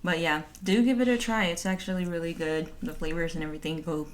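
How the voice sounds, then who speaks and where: A woman's voice: fairly low pitch, fairly even intonation, fast talker, a little hiss or hum. A woman co-hosting a casual mukbang vlog with her sister, easygoing and agreeable, often laughing. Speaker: vlogger's sister, co-host. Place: home, indoors.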